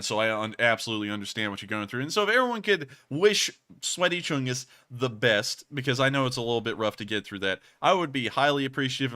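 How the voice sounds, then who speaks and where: Male streamer host with a bright, clear voice, chatty and meandering as he answers super chats. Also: fairly low pitch. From United States. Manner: rambling, earnest, frequent fillers and restarts. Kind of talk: casual livestream chat.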